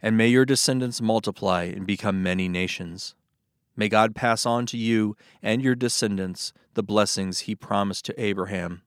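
A man reading Bible passages aloud as scripted narration, with a steady, even storytelling delivery. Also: fairly low pitch, moderate pace, no room sound, studio quality. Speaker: Bible reader.

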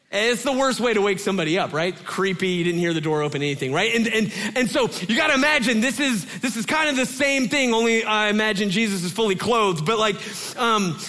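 Brief: man in his thirties, pastor, animated storytelling, slightly higher voice. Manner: casual, animated storytelling with many fillers. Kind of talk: sermon.

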